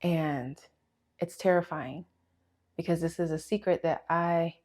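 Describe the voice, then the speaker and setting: Low-voiced woman giving an emotional testimony. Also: fairly even intonation, darkish tone. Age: young adult. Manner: heartfelt, with sighs and pauses, holding back tears. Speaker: vlogger sharing a testimony. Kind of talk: emotional personal testimony to camera.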